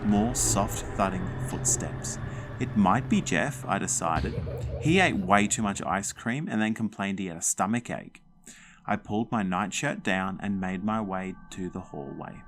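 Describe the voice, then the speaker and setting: A man's voice: low voice, measured pace, a little hiss or hum. A man narrating a spooky children's story with dramatic suspense.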